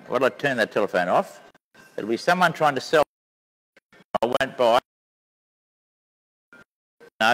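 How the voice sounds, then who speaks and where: Older man telling rambling, lively stories. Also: mid-range voice, big-room sound, rough recording. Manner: rambling, anecdotal storytelling with restarts. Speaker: painting teacher and live-stream host. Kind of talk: casual live-stream chat.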